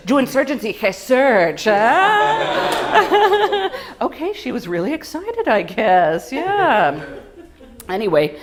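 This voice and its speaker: A woman performing a self-mocking comedic stage monologue with an animated delivery. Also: mid-range voice.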